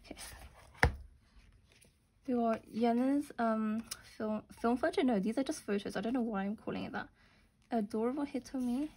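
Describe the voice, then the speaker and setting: A young woman doing casual unboxing commentary, gushing and gasping with excitement over what she pulls. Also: a little high, normal speed, pauses often, breathy edge. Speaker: unboxing vlogger.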